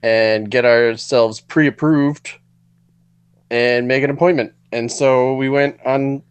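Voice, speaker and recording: A man co-hosting a podcast, relaxed and easygoing while telling a story in a casual chat. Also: medium pitch, slow pace, clear, resonant tone. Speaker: podcast co-host.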